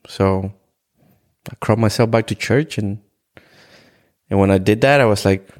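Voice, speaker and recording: A middle-aged man from Ecuador speaks in a low, rough voice with a lot of fry. He tells his own life story as a podcast guest, often halting and restarting. He brings the memories to life by quoting what people said. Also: fairly even intonation, darkish tone. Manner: halting, repeats words, retells scenes in quoted dialogue. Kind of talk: personal testimony in a conversation.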